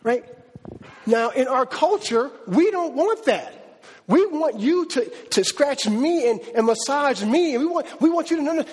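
High-voiced animated male pastor. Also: moderate pace, breathy edge, long reverb tail. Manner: animated, conversational, slangy. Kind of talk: sermon.

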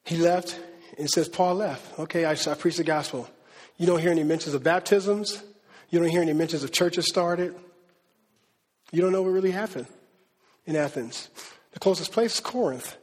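A man with a high, slightly husky voice preaches a sermon to his congregation. He talks in a casual, animated way, slipping into slang and acting out quotes. His voice rings with the long reverb of a big hall. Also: moderate pace, long pauses. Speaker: pastor. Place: church hall.

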